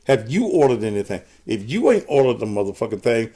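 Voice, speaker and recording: Male host, gravelly mid-pitched voice, blunt and foul-mouthed with his audience. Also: big pitch swings, brisk, few pauses, warm tone. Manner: profane, combative, cusses out viewers. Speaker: host of his own show. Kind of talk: live-stream monologue to commenters.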